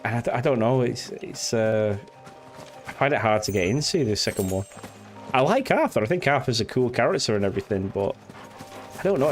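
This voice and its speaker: A young man casually chatting and ranting while streaming a game, swearing and acting out what characters say. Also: fairly low pitch. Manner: rambling, swearing, acting out game lines in silly voices. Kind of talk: casual gameplay commentary. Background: game music.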